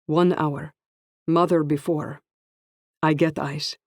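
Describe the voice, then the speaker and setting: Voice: medium pitch, flat delivery, slow pace, dry recording, studio quality. An audiobook reader voicing an older, stern housekeeper who speaks clipped, broken English with a Polish accent. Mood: curt. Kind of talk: audiobook character voice.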